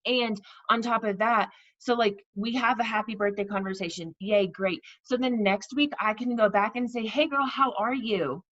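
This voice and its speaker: Casting note: woman leading a sales team, chatty coaching, middle pitch, slightly dull lo-fi sound. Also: steady tone, normal speed, few pauses, a bit bright. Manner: chatty, repeats herself, acts out sample messages. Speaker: network marketing team leader. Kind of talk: casual coaching talk to her team.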